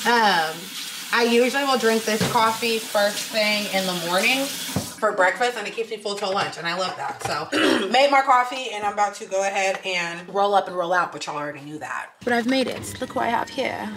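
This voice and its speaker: A young woman vlogging in a casual, chatty way, blunt and swearing freely, tired and a bit hoarse from losing her voice. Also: medium pitch, moderate pace, background noise. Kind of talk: casual vlog chat.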